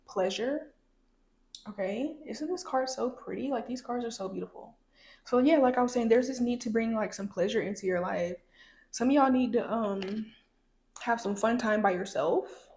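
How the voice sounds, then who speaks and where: A woman's voice: on the high side, darkish tone, a little hiss or hum. A young woman casually chatting through a tarot card reading, talking straight to her viewers. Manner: chatty, talks to viewers directly. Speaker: tarot reader. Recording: echoey room.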